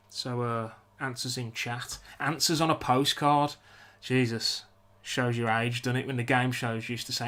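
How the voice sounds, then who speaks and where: A man's voice: mid-range voice, fairly bright tone. Chatty British man, self-mocking. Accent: British English. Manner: chatty, self-mocking, apologetic banter with chat. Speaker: live-stream host. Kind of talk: casual live-stream chat while working.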